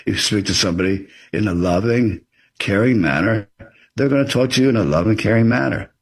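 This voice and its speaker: With a fairly low pitch, a brisk delivery and a breathy edge, a man answers interview questions as an author. He explains in an earnest, advisory manner and performs example dialogue.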